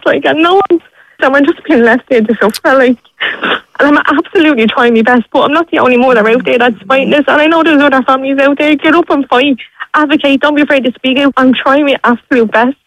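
A woman, a mother of three, calling into a radio show. She talks in an emotional, rushed way and keeps repeating "like". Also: sits high, dry recording, poor audio. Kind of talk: radio phone-in interview.

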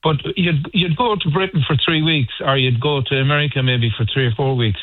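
A man's voice: fairly high pitch, fairly quick, dry recording. A middle-aged Irish man, a band member, chatting by phone in a rambling, storytelling way with hesitant restarts. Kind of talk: phone interview. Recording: tinny phone line.

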